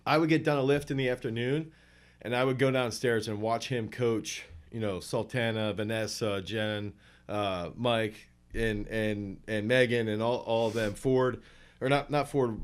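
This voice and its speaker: A man who coaches throwing tells animated stories in a casual interview, often chuckling and restarting his sentences. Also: medium pitch.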